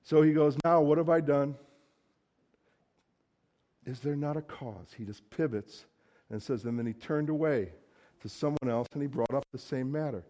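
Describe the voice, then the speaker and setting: A man's voice: a little high, moderate pace, pauses often, mellow. A man preaching a sermon in a conversational, emphatic way, acting out quoted lines.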